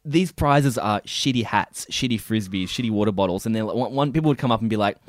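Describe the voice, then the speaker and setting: A young man, co-hosting a podcast, telling animated stories and acting out the people in them in casual chat. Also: on the low side, quick pace, no room sound, clean studio sound. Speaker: podcast co-host. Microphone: podcast mic.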